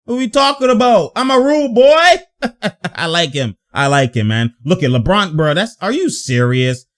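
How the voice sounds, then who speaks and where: Brief: young male host, excitable reaction commentary, slangy, laughs a lot, somewhat high voice. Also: moderate pace. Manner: animated, laughing, repeats phrases, slangy. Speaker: sports commentator.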